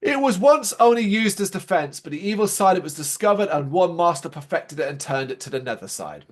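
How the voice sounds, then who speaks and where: A man co-hosting a podcast that reviews a show, talking in a casual, animated way. His voice sits high for a man. He is sarcastic and swears freely as he rants. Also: fairly quick. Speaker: podcast co-host.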